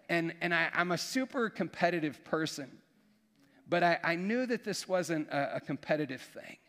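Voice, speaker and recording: Earnest pastor preaching in an echoing hall. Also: male voice, on the high side, fairly bright tone. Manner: earnest, repetitive restarts, folksy "man". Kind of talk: sermon. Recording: long hall reverb.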